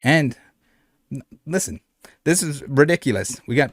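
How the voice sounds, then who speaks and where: A man's voice: medium pitch, unhurried, pauses often, no room sound, clean studio sound. A man hosting a reaction commentary who speaks in a blunt, indignant way and swears often. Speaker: channel host.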